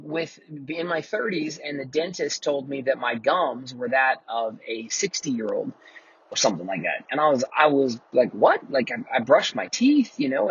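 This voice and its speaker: A man's voice: fairly high pitch, a bit bright, husky, no echo, dull audio. A man in his forties hosting a casual mentoring talk, telling a personal story in a candid, profane way. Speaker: host.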